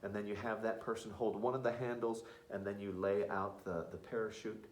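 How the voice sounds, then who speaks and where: A man explaining a classroom parachute activity, halting with many fillers and breaking into loud sung and called-out cues to demonstrate. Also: lowish voice, steady tone. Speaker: music teacher. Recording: roomy echo from a distance.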